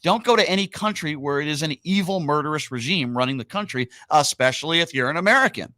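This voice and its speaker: A man's voice: a little high, expressive, fast, sharp tone, dry recording. Man, radio host, emphatic, opinionated, casual banter, dry close studio mic. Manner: emphatic, opinionated, repeats points.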